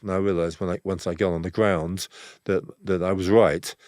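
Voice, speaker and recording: Older male guest, low voice, rambling anecdotes, bone-dry recording. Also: little pitch movement, normal speed, a little mellow, dry recording. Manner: rambling, acts out quoted dialogue. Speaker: photographer, interview guest. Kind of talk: relaxed anecdotal storytelling.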